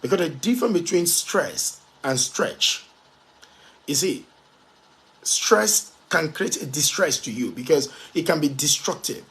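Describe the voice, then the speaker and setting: A man's voice, pitched a little higher than most men's, delivering a motivational talk with emphatic force. He drives his points home by repeating key phrases again and again. Now and then he slows to spell a word out letter by letter. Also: animated, fairly bright tone. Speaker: motivational speaker.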